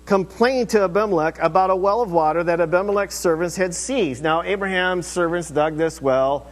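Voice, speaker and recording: A man's voice: sits high, normal speed. Man preaching conversationally in an echoey hall. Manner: conversational preaching with rhetorical questions. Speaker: pastor. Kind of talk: sermon. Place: church sanctuary.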